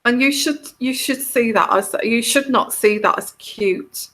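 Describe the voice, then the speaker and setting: English woman, mixed north-south accent, very slow and soothing, rambling live-stream host. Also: on the high side, fairly bright tone. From England. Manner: slow, meandering, halting with many restarts. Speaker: tarot reader hosting a livestream. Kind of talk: casual live chat reading comments.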